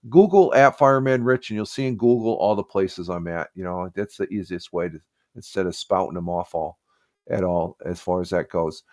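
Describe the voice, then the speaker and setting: A man hosting a casual morning live stream, rambling with many fillers and restarts as he gives friendly shout-outs to viewers. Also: low voice, normal speed, dry recording, studio quality.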